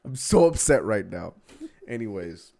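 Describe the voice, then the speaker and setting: A man's voice: on the low side, moderate pace. A young man hosting a casual basketball livestream, ranting heatedly and laughing at himself. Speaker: livestream host. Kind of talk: casual sports talk livestream.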